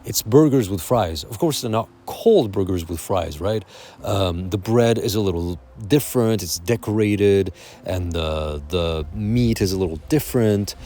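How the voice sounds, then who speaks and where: A man's voice: deep voice, unhurried, dark tone. A man from Quebec with a Québécois accent, talking casually and with strong opinions as the host of a music channel, swearing now and then. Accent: Québécois French. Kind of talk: casual explanatory monologue.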